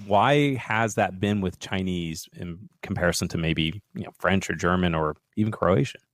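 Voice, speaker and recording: Low-voiced middle-aged male podcast host. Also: moderate pace, no room sound, studio quality. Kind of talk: casual interview.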